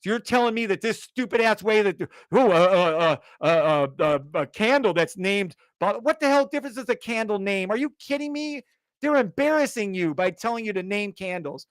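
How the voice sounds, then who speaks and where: A man's voice: high-pitched, animated, normal speed, fairly bright tone, clean tone, no echo. A man giving an insistent, fired-up sales rant on a live stream, repeating himself and swearing. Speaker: trading course seller.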